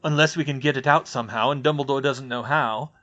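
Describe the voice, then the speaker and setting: A man voicing a grim, resigned teenage boy wizard in a quiet, heavy, measured way, close to his own voice, in a fan audiobook reading. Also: medium pitch, steady tone, dull audio, natural voice.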